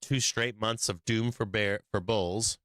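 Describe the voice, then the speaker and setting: A man's voice: on the low side, steady tone, a little slow, a bit bright, no echo. A man hosting a live stock market stream, explaining charts casually with frequent swearing and rambling asides. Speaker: stock market livestream host.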